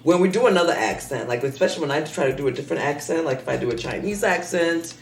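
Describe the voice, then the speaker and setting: A woman's voice: low voice, animated, fast, far from the mic, slight background noise. A woman in her thirties hosting a podcast, chatting casually, swearing freely and laughing often. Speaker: podcast host. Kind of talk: casual chat. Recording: echoey room.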